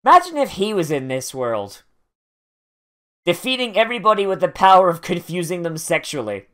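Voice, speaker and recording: A man's voice: high voice, big pitch swings, normal speed, fairly bright tone. A man giving profane, sarcastic watch-along commentary on an anime, mock-angry and swearing often. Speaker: anime reactor.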